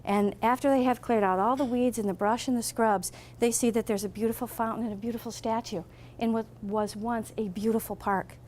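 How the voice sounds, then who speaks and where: A woman guest speaker telling a parable as an animated storyteller. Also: a little high, fairly quick, slight background noise. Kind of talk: storytelling speech.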